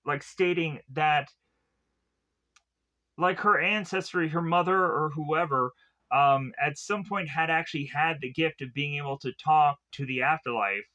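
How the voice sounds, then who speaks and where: A man's voice: fairly high pitch, pushed and bright. A man giving a casual spoken film review, retelling the plot in a rambling way with lots of fillers and restarts.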